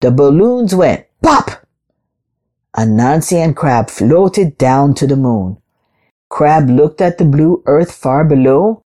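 A woman reading a children's storybook aloud in a slow, expressive, gentle way. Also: rumbling low.

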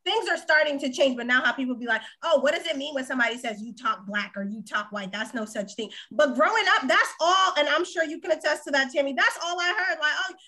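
Podcast host, woman, high and bright, animated and frank. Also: fast, hardly any pauses. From Boston area. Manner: animated, frank, swears casually. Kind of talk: casual chat.

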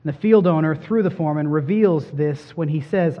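A man with a high voice preaches a sermon, swelling to emphatic peaks and then falling back to hushed lines. His words ring out with a long hall reverb. The recording sounds dull and muffled. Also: brisk, few pauses. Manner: preaching with rising emphasis and soft drops.

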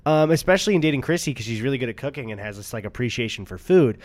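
A man's voice: medium pitch, animated, very fast, a little mellow. A man in his twenties, co-hosting a podcast, chatting casually and telling stories with frequent laughter and swearing. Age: 20s. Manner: storytelling, laughs often, swearing. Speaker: podcast co-host. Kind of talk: casual chat.

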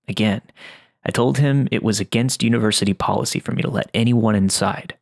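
Gravelly man narrating a horror story. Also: on the low side, brisk, no room sound, studio quality. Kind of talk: scripted first-person horror narration.

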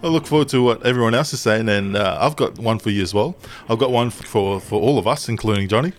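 A man's voice: fairly low pitch, quick pace, slight background noise. A young man co-hosting a podcast, swearing, teasing his mates and calling them "mate". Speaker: podcast co-host. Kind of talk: casual banter.

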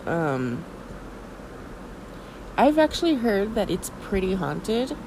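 Woman podcast host, slow and unhurried, frank and rambling; noisy background with air-conditioning hum. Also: mid-range voice, sing-song. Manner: rambling, filler-heavy, frank and a bit crude. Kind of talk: casual podcast chat.

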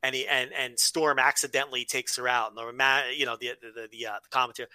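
A man from the United States co-hosting a casual podcast, animated and swearing freely with many restarts. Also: medium pitch, fast, few pauses, clear, resonant tone, no room sound. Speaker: podcast co-host. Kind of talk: casual chat.

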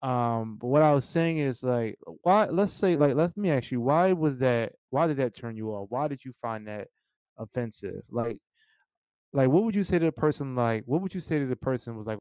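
A man with a smooth, resonant voice chats as an interview host, asking frank questions in a rambling way. He laughs often and restarts his sentences as he thinks aloud. The sound is close and dry. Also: mid-range voice, animated, brisk, darkish tone, no echo, low-quality recording. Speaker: podcast host. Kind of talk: casual interview chat.

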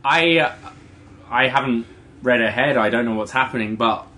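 Podcast co-host dude, dry wry comments, medium voice. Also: male voice, medium pitch, normal speed, pushed and bright. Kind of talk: casual wrestling podcast chat.

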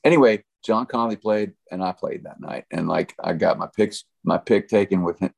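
Middle-aged country music guy, real low gravelly voice, rambling easy chat. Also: normal speed, a little mellow. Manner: laid-back, rambling, lots of fillers. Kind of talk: casual storytelling chat.

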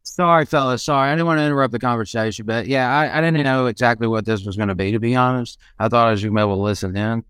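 A man's voice: medium pitch, a bit bright, clean tone, no room sound, clean studio sound. A man politely apologizing and saying goodbye as a guest on a podcast. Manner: polite, apologetic, quick talker. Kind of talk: casual chat.

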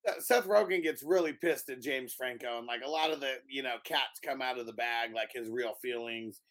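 A man co-hosting a podcast, casually retelling movie scenes in an animated way with frequent laughter. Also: medium pitch, moderate pace. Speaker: podcast co-host. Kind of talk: casual movie review chat.

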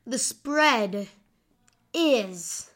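A woman hosting a homemade sports-prediction podcast on her own. Her voice sits a touch high and sounds crisp and bright. She rambles from point to point, full of fillers and off-hand asides. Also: animated, very slow. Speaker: podcast host. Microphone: home podcast microphone with gain turned high.

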